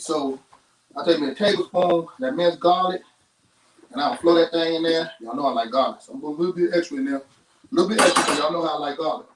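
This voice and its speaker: Cooking host, male, chatty and down-home, fairly high voice, distant roomy sound. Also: quick pace, slight background noise. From Chicago. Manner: chatty, folksy, talks straight to viewers. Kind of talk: live cooking demonstration. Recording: roomy kitchen, off-mic.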